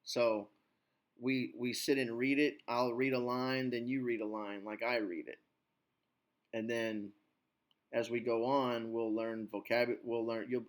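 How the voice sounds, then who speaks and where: A male English teacher on a video call, slightly sick and now and then clearing his throat. His voice sits at an ordinary pitch. He coaches in a relaxed, rambling way, leaning on "you know" as he explains. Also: measured pace. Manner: chatty, coaching, many "you know" fillers. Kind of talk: online English lesson.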